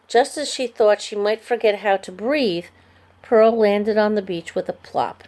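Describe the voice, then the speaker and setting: Woman narrator for a children's chapter book, expressive, mid-pitched voice. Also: a little slow. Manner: storybook reading, expressive. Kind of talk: scripted narration.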